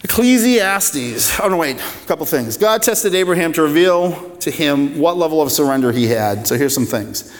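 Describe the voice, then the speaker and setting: A man's voice: a little high, expressive, moderate pace, hardly any pauses. A male pastor delivering a sermon in a conversational, emphatic way, driving points home with repeated phrases. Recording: long reverb of a large hall.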